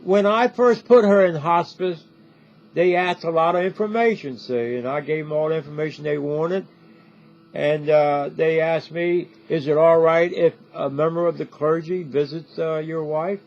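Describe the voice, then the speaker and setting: A man's voice: fairly high pitch, normal speed, darkish tone. An older man giving a rambling direct-to-camera talk, repeating himself and often asking "See?". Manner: repetitive, keeps asking "See?". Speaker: video commentator. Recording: dull lo-fi audio with faint music.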